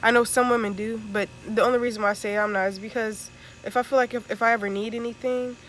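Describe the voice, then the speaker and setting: A woman's voice: a little high, fairly even intonation, quick pace, a bit bright, a little hiss or hum. Chatty young woman vlogging about faith. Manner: chatty, rambling, addresses viewers as y'all. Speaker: religious vlogger. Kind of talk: casual faith-based vlog chat.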